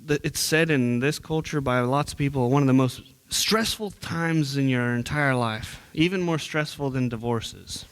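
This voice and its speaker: A man's voice: mid-range voice, normal speed, few pauses, smooth. A young man preaching as a youth minister in church, earnest and conversational, often repeating words and restarting sentences. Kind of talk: sermon.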